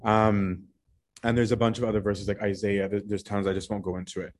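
Male Bible study leader, lowish voice, chatty teaching, lots of "right?" tags. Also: flat delivery, fairly quick. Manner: conversational, frequent "right?" and "um", restarts.

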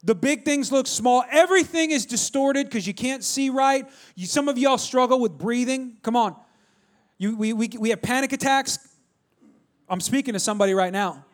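Man, high voice, sermon, animated storyteller, keeps calling out to the listeners. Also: moderate pace. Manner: storytelling, animated, calls out to the congregation. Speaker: pastor.

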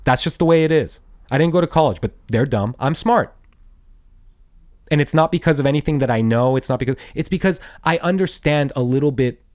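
Thirties male podcast host, angry solo rant, profane, swings between shouts and low mutters. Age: 30s.

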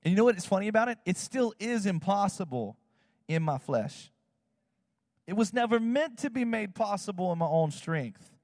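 Animated preacher man in a reverberant hall. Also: sits high, moderate pace, studio quality. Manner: animated, acts out quotes in other voices, fillers like "like" and "you know". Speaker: pastor. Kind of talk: sermon storytelling.

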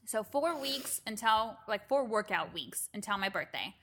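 Chatty swearing woman, bright voice. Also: medium pitch, expressive, normal speed. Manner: chatty, swears freely, acts out quotes. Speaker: podcast co-host. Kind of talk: casual chat.

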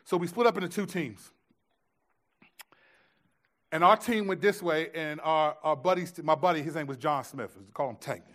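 A man preaching a sermon as a pastor, telling a story in a lively, casual way with lots of restarts and slang. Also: a little high, normal speed, pauses often.

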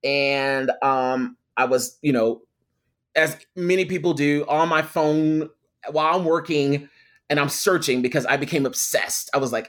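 A young adult man, a guest telling a personal story with lively quoted voices. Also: fairly high pitch, measured pace. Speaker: guest, photographer and attorney. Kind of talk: storytelling in a podcast interview.

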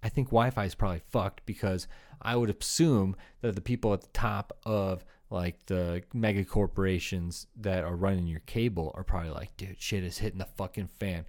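Riffing alone on his comedy podcast, this young adult host swears and rambles over ridiculous what-ifs, dropping in impressions of invented characters. He talks at a moderate pace in a low, slightly mellow voice.

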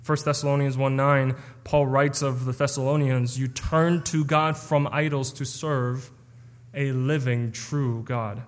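A man's voice: mid-range voice, steady tone, a little slow, big-room sound. A man preaching an expository sermon, explaining a passage earnestly with some stumbles and restarts.

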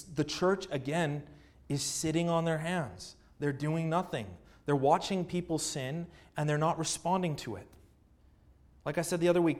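A man's voice: on the high side, a little mellow. A man preaching a sermon as pastor, earnest, with rhetorical questions and repeated phrases.

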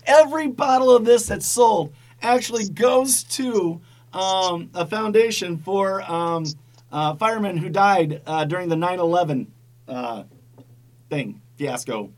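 A man's voice: high-pitched, unhurried. A man hosting a podcast in casual chat, rambling and swearing, with many fillers. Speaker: podcast host.

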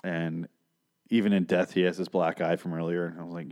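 A man's voice: low voice, level tone, brisk, darkish tone. A man hosting a movie review podcast, ranting casually with lots of swearing and exasperation. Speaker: podcast host.

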